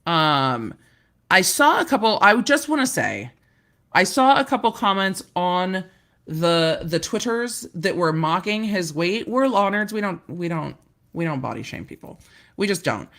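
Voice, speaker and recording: Her voice is on the low side and a bit bright, and she's very animated while speaking a little slowly. A legal commentator streaming live from a hotel room, she chats casually, laughs, and jokes at her own expense about things going wrong.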